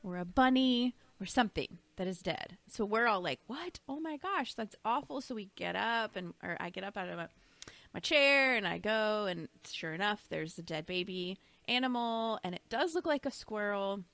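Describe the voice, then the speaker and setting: A woman co-hosting a podcast, telling a funny family story in a casual, animated way. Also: medium pitch, moderate pace, creaky. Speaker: podcast co-host.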